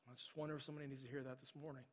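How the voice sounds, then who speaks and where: A middle-aged male pastor preaching a sermon. He tells a story, then pleads softly with repeated phrases. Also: medium pitch, level tone, racing. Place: large church sanctuary. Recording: long hall reverb.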